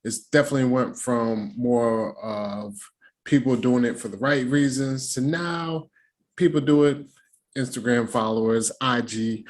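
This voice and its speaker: A middle-aged man hosting a casual show recap, talking in slangy, animated asides and jokes. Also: mid-range voice. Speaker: recap host.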